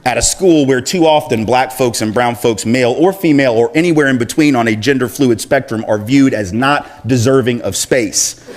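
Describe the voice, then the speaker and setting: A middle-aged man giving a talk, telling a personal story in an animated way and laughing as he goes. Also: medium pitch, moderate pace, hardly any pauses. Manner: animated, laughing through anecdotes. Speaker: speaker.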